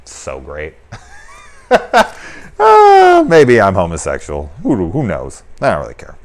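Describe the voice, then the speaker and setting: A man giving a casual spoken movie review, animated and profane, often acting out characters' lines in put-on voices. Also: medium pitch, measured pace. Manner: animated, swearing, acts out quotes in put-on voices. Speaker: film reviewer.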